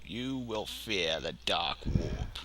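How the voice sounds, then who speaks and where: A man voicing a menacing male chaos sorcerer with a slow, low growl. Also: expressive, fairly bright tone, exaggerated voice.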